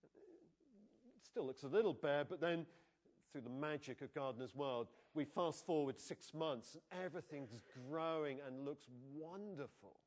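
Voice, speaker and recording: Animated male preacher. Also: fairly high pitch, unhurried. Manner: animated, conversational, asks the congregation questions. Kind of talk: sermon. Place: church.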